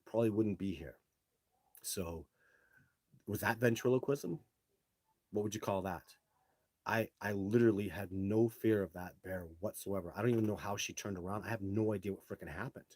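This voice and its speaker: Husky low-voiced man telling stories live. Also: normal speed, dry recording. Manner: animated, swears casually, repeats words. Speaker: live show host. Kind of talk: casual live-stream storytelling and viewer Q&A.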